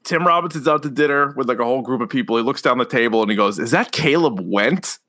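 A man's voice: mid-range voice, very fast, sharp tone. A man co-hosting a podcast in a studio, casually retelling comedy sketches and acting out the quotes. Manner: laughs hard while retelling, acts out quotes. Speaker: podcast co-host. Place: radio studio.

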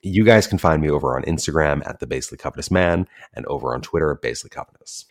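A man with an extremely low, deep voice hosts a casual podcast chat. He is playful and theatrical, and leans into effusive, dramatic phrasing. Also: rapid-fire. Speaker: podcast host.

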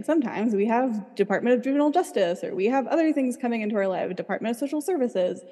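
A woman's voice: a little high, mellow, in a large hall. A woman therapist talking casually in an interview, chatty and full of "like.". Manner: chatty, fills speech with "like". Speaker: licensed therapist, guest.

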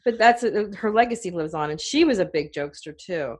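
A woman's voice: lowish voice, brisk, husky. Chatty middle-aged woman telling stories. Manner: rambling, animated storytelling with many fillers. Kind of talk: casual chat.

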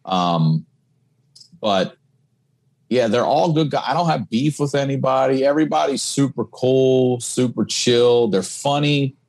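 A man's voice: medium pitch, measured pace. A man, a comedian guest on a podcast, chatting casually and telling stories with plenty of swearing. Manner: storytelling, swearing freely, animated quotes.

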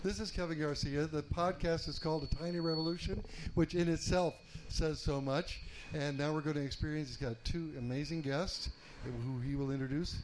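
A man's voice: a little high, normal speed, few pauses, a little hiss or hum, poor audio. A man bantering and teasing the host at a live podcast recording. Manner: lively, teasing. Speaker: guest.

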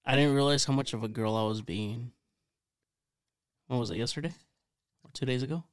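A man in casual banter who gets excitable, swears freely and keeps calling his friend dude. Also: mid-range voice, brisk, clear, resonant tone, dry recording, studio quality. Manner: excitable, swears a lot, says dude constantly.

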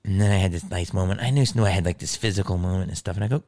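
A man, an actor and comedian, telling a story in casual talk, animated and profane, acting out the people he quotes. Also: low-pitched, very fast.

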